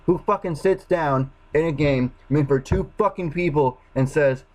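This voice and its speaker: A man's voice: a little high, normal speed, hardly any pauses, darkish tone, poor audio. Exasperated man swearing through a rant. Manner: swears constantly, restarts sentences, exasperated. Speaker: gaming vlogger. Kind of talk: frustrated solo rant.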